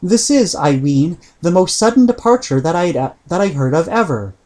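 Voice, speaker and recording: A man's voice: sits high, lively intonation, normal speed, a little mellow. A man voicing a medieval nobleman mourning a lost friend in an audiobook reading, in archaic speech. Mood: lamenting.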